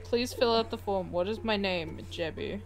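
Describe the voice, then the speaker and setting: A young woman chatting on a call with a friend during a game stream, joking and excitable. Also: medium pitch, normal speed, faint music behind. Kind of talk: casual chat on a call.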